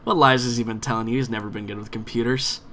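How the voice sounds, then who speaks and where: A man's voice: mid-range voice, fairly even intonation, fast, fairly bright tone, lightly acted. A man voicing a world-weary female cyber-hacker who talks in a dry, teasing, unbothered way, in a tabletop game. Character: wry, world-weary woman cyber-hacker, chain-smoking.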